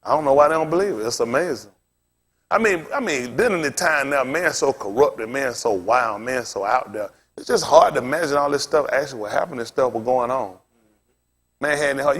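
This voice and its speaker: A male pastor with a mid-range, fairly bright voice teaches from the Bible at a slightly fast clip. His loose, sermon-like delivery uses casual phrasing and keeps throwing rhetorical questions at the listeners.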